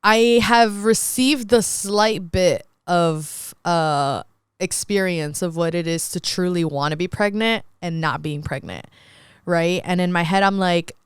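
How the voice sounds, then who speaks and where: Young woman, podcast co-host, casual chat, chatty, very smooth clear voice. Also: lowish voice, measured pace, dry recording, clean studio sound. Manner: chatty, laughs often, many "like" fillers.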